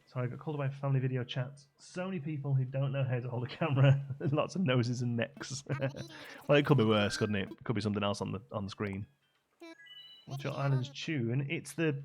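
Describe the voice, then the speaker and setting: A young man chats casually through a live game stream, cracking jokes and humming snippets of tunes. His voice has a gravelly edge. Quiet game music plays behind him. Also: medium pitch. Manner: chatty, jokey, hums and sings tunes.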